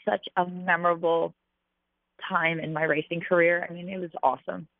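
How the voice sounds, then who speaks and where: A woman's voice: lowish voice, moderate pace, vocal fry, dry recording. A woman jockey being interviewed, telling stories chattily with lots of fillers. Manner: chatty, animated, with many fillers. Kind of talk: casual interview storytelling. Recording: dry, tinny phone-like line.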